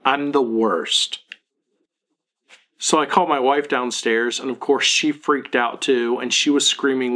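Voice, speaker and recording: A man's voice: mid-range voice, steady tone, a little slow, bright, forceful tone. A man in his thirties, a parenting blogger, talking earnestly and self-critically to camera in a confessional vlog.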